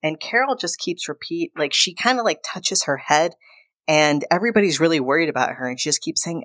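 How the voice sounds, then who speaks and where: A woman's voice: deep voice, expressive, a little fast, a bit bright, no echo, clean studio sound. A woman co-hosting a podcast, casually recapping a film and acting out the characters' lines. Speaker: podcast co-host.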